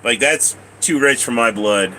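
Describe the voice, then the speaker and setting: A man's voice: medium pitch, unhurried, pushed and bright, a little hiss or hum. A man streaming himself at slot machines, out of breath, coughing often and grumbling at the machine in casual chat. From Colorado, USA.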